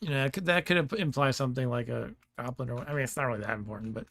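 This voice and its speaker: A man's voice: medium pitch, very fast, gravelly, a bit bright, no room sound. A man giving casual let's-play commentary, thinking aloud and laughing often, with keyboard clicks behind him. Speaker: gameplay streamer.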